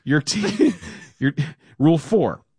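Animated man reading a sports column aloud. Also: on the high side, slow, slightly rough, dry recording, studio quality. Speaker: radio co-host. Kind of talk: casual sports talk.

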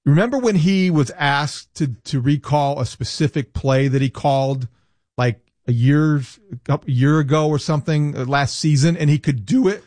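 A man co-hosting sports talk radio, enthusiastic and animated as he argues a point. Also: fairly high pitch, moderate pace, no echo. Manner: enthusiastic, animated, mimics a coach.

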